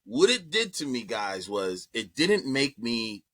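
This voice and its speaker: A comedian telling a story on a podcast in an animated way, swearing freely and repeating himself. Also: male voice, medium pitch, takes it slowly, no room sound. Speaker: comedian guest.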